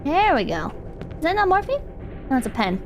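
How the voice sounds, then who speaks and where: Over soft background music and clear background noise, a young woman with a high, sing-song voice briskly narrates her game stream. She keeps it casual, rambling through sarcastic asides and teasing mock insults.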